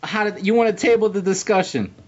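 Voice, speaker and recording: A man's voice: high-pitched, expressive, a little fast. A man hosting a casual comedy podcast, laughing often and stammering as he talks. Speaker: podcast host. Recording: dull lo-fi podcast audio.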